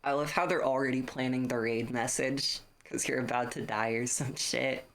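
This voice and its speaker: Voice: mid-range voice, steady tone, moderate pace, fairly bright tone. A streamer running a tabletop horror game as game master, casually narrating the scene and swearing freely. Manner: casual, swears freely, stops to thank viewers.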